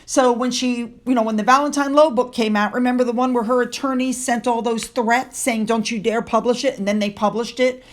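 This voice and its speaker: High-voiced woman giving sarcastic commentary. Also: fairly even intonation, a little fast, hardly any pauses. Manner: sarcastic and indignant, reads quotes aloud. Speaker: commentary channel host. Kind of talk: casual opinion commentary.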